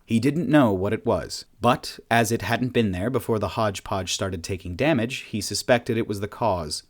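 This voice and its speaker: A man narrating a science fiction audiobook in a steady, plain storytelling manner. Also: fairly low pitch, normal speed.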